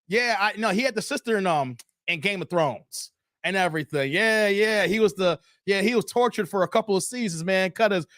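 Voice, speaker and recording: A man's voice: sits high, fairly bright tone, dry recording, studio quality. A man hosting a casual live stream, chatting loosely with viewers, answering their comments and often tossing in "man". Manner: brash and defiant toward critics.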